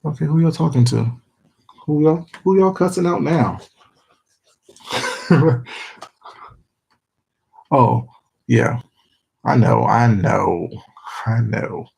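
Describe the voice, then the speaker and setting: A man's voice: medium pitch, expressive, slow pace, vocal fry, pauses often, a little mellow, slightly rough, rough recording. A man chatting casually with his viewers on a stream, rambling, laughing and swearing freely. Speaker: livestreamer.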